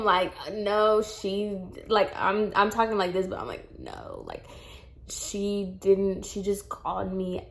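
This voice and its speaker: Exasperated young woman telling a story. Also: medium pitch. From Puerto Rican heritage. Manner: animated, exasperated retelling with quoted dialogue. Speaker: vlogger. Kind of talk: storytime vlog.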